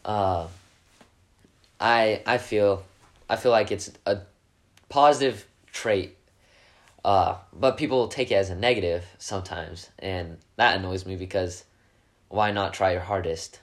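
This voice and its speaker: A teenage boy, a high school quarterback, answering interview questions in an earnest, upbeat way. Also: measured pace, pauses often. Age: teens. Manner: earnest and upbeat, gets animated. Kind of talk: casual interview chat.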